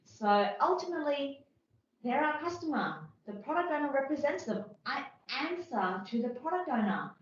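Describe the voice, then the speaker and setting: In an amateur work role-play held over video call, a high-voiced woman with lively intonation speaks at normal speed as a defensive agile team lead firmly justifying how her team works. The sound is dull and lo-fi, very echoey, from a faraway mic.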